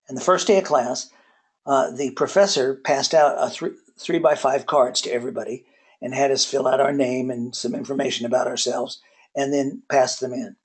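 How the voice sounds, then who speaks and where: A man giving a relaxed webinar talk on workplace accountability, telling folksy personal stories with many pauses and filler words. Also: mid-range voice, slightly rough. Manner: folksy storyteller.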